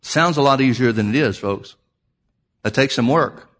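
A man's voice: medium pitch, normal speed, a bit bright. A man preaching a sermon, reading scripture aloud and explaining it, emphatic and repeating key phrases for his listeners.

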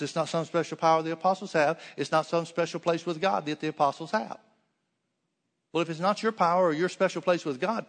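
A man's voice: fairly high pitch, a little fast, big-room sound. A man teaching a sermon, reading Bible verses aloud and explaining them in plain talk with frequent restarts. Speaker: preacher.

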